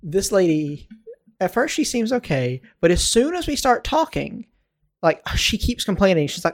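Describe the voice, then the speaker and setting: A man with a fairly high voice co-hosts a casual podcast and tells a story about his week. He is animated and laughs now and then as he talks. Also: moderate pace. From North Carolina, USA. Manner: animated storytelling, laughing while telling anecdotes. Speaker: podcast co-host.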